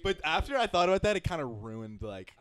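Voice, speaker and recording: A man co-hosting a casual podcast, joking around with crude, animated banter. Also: a little high, a little fast. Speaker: podcast co-host. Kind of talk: casual chat.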